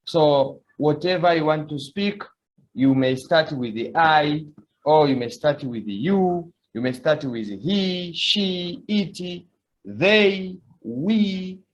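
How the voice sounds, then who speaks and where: A man's voice: a little high, slow, lo-fi sound. A man teaching a beginner language lesson, patiently repeating words for students to echo. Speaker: French teacher.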